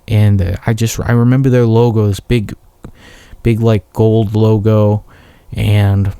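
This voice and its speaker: A man rambles through a casual solo story as a podcast host, swearing freely and circling back on himself. His voice is mellow and relaxed in tone. The recording is dry and close, with no room sound. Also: fairly low pitch, smooth, no room sound. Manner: profane, rambling, conversational.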